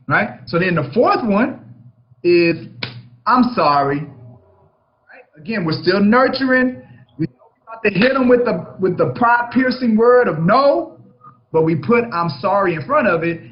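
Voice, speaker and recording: A high-voiced man coaching a team on negotiation, emphatic and punchy. He keeps checking in with a quick "right?" after almost every point. The recording sounds a bit dull and lo-fi. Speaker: real estate broker hosting a coaching session. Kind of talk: coaching talk on a book chapter.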